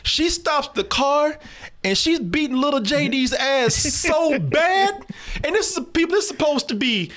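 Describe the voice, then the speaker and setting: A man with a strikingly high voice reviews a film in loose, chatty talk. He is animated and profane, laughs often and keeps calling out to his listeners as "people". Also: a little slow. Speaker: movie reviewer co-host. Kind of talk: casual movie review chat.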